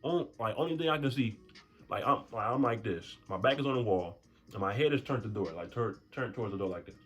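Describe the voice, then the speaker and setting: A young man tells a story in a casual storytime vlog, animated and slangy. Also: quick pace, breathy edge, soft background music. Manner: animated, swings to high voices for quotes. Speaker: storyteller vlogger.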